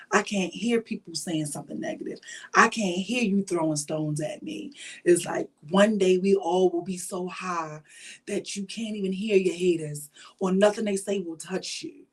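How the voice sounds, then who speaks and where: A woman's voice: fairly low pitch, measured pace, breathy edge. A woman hosting a show, chatting casually and openly with her viewers and reading their comments aloud. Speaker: podcast host.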